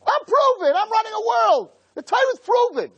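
A man voicing God, who calmly declares that he runs the world. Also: very high-pitched, fairly quick, highs cut off, voice pushed up, heavily acted. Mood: declaring. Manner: emphatic declaring. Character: God, calm and all-powerful.

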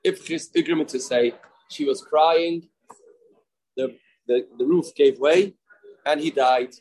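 Storytelling Talmud teacher, fairly high voice. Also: male voice, takes it slowly, a little mellow, rough recording. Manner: storytelling, repeats phrases, mixes in Hebrew and Yiddish terms. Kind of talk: daily Talmud class.

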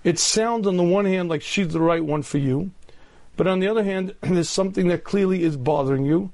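A middle-aged man, a rabbi, giving an earnest lecture on faith and dating, often clearing his throat. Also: high-pitched, a little fast, darkish tone.

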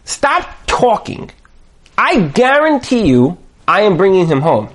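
Rabbi type, male, high voice, animated class lecture, Yiddish words here and there. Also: normal speed. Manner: lively, acts out quoted voices, emphatic repetition; Hebrew and Yiddish words sprinkled in. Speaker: rabbi teaching a Torah class.

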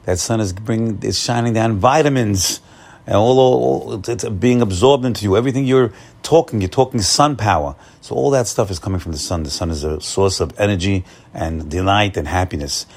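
A man's voice: fairly low pitch, fairly quick. A man giving an upbeat, encouraging morning Torah talk, often repeating and restarting his phrases. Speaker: Torah teacher.

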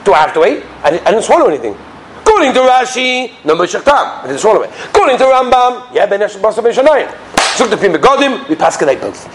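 Male teacher, quick and high, lively storyteller who keeps asking his class questions. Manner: lively storytelling, rhetorical questions, mixes Yiddish and Hebrew terms. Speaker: rabbi teaching Jewish law. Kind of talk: animated lecture with anecdotes.

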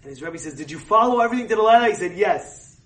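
High-voiced man telling a story in an echoey room. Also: lively intonation, very fast, far from the mic. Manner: swings from hushed narration to loud emotional outbursts. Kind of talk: storytelling sermon.

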